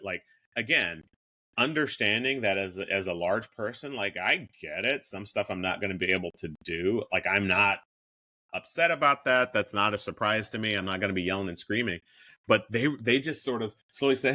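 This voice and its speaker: A man's voice: on the low side, fairly quick, sharp tone. A man in his fifties co-hosting a podcast, chatting candidly and joking at his own expense. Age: 50s. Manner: candid, self-deprecating, with frequent restarts. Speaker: podcast co-host. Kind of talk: casual chat.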